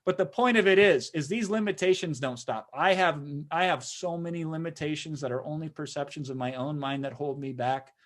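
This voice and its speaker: Middle-aged male webinar host, slightly high voice, loose conversational sales pitch. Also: brisk, hardly any pauses. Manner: conversational, frequent "right?" tag questions. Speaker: webinar host and marketing consultant.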